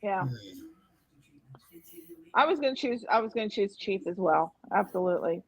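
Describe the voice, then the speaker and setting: A woman's voice: medium pitch, lively intonation, moderate pace, muffled recording. A woman chatting casually as a guest on a live fan show, often chiming in to agree. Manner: agreeable, frequent affirmations. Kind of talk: casual chat.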